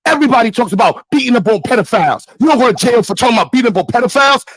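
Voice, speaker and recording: A young man with a Brooklyn accent, ranting angrily to his chat on a livestream, shouting and swearing. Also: very high-pitched, expressive, rapid-fire, slightly rough, dry recording, rough recording. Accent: Brooklyn, New York. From New York. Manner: angry, shouting, profane.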